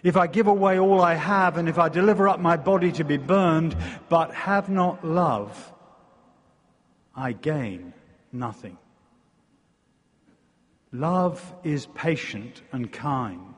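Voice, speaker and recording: A man with an English accent preaching a sermon, wry in his asides and slow and deliberate when he reads scripture. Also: a little high, in a large hall. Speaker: visiting preacher. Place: church.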